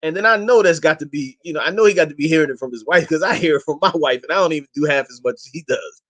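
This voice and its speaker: Fast-talking, impassioned man. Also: on the high side, a bit bright. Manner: impassioned, exhorting his listeners; slangy and emphatic. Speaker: guest. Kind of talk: casual interview talk.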